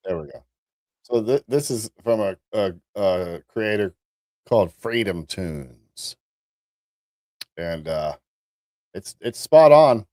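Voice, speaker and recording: A man hosting a live-stream commentary show, talking straight to his viewers in an animated way. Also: on the low side, slow pace, long pauses, no room sound, studio quality. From United States. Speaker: host.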